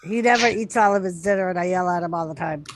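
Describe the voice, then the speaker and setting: A woman's voice: fairly low pitch, fast, slight background noise. A woman with a Rhode Island accent chatting casually with friends on a stream, laughing often. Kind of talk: casual chat.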